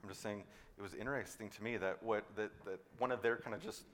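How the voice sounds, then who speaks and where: A male pastor preaching a sermon. He swings between loud, emphatic declarations and quiet, low asides, and repeats words when he stresses a point. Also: fairly even intonation, fast, slight background noise.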